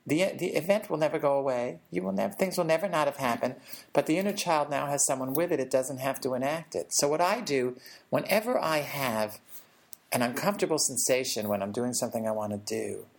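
A woman speaking as a guest in a conversation, explaining ideas calmly and acting out gentle quoted lines. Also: a bass voice, a little fast, gravelly. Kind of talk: casual conversation.

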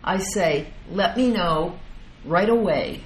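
Woman host, reactive conversational chatter, echoey room with faint noise. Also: lowish voice. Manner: warmly reactive, chimes in with quick agreement. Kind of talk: casual chat. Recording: roomy with faint background noise.

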